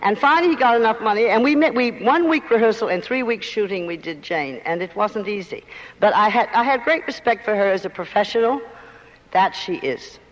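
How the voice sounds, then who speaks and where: A woman's voice: mid-range voice, lively intonation, a little fast, in a large hall, dull audio. An older woman with a mid-Atlantic accent, a guest talking emphatically and theatrically in a live on-stage interview, often laughing.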